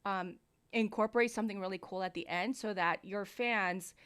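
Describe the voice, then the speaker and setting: A smooth, fairly bright mid-range voice belongs to a woman running a music review livestream at a normal pace. Her feedback on vocals and mic handling is casual and explanatory, delivered into a studio mic that moves near and far.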